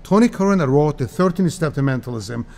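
A man in his sixties from Cyprus, telling stories as a guest in a casual interview, animated and laughing often. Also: a little high, brisk, vocal fry. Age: 60s.

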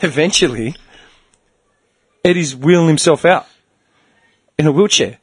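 Speaking a little slowly with a fairly high, breathy voice, a male podcast host rants through a heated story in casual conversation. He's animated and curses freely, performing the quotes of the people involved.

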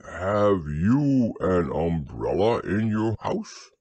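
A man voicing a gentle, slow-thinking teddy bear in a bedtime audiobook, musing and earnest. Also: low-pitched, very animated, gravelly, husky, dry recording, heavily acted. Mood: hushed.

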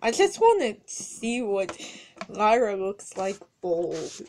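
A woman voicing a smug, scheming pony girl with scissors in a homemade toy skit, speaking with flat, teasing menace. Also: mid-range voice, takes it slowly, voice pushed down.

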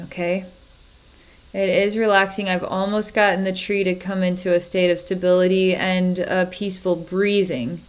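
A woman psychic narrating a distance energy healing in a halting way, with frequent fillers and soft chuckles. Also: mid-range voice. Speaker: psychic healer.

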